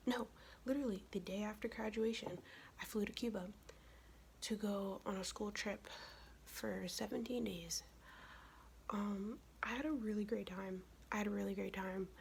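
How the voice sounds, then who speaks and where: A young woman speaks in a soft whisper, chatting casually and swearing freely while getting ready in an ASMR video. She is sick, and her whisper sits at an ordinary pitch. Faint noise hums underneath. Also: steady tone, moderate pace, vocal fry. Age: young adult. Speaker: ASMR vlogger.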